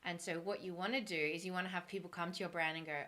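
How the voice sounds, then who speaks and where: A woman talking as a brand coach, earnest and encouraging, thinking aloud with a slightly hoarse voice. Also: on the low side, steady tone, fairly quick, few pauses, sharp tone. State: a little hoarse. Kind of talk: solo talk on branding.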